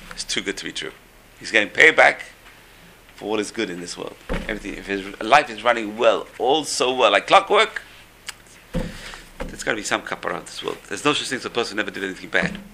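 A man's voice: fairly low pitch, pushed and bright, a little hiss or hum. A man giving a storytelling religious class, repeating phrases for emphasis.

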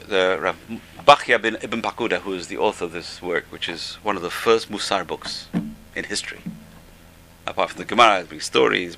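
A man's voice: lowish voice, creaky, sharp tone, rough recording. A man teaching an informal religious class, enthusiastic and repeating how amazing things are. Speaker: Torah teacher.

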